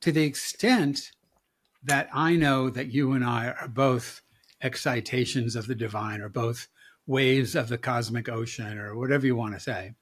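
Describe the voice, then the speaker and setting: Husky rabbi in his seventies. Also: medium pitch, steady tone, normal speed. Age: 70s. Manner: reflective, wry, chuckles often. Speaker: rabbi and guest. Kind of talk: casual conversation.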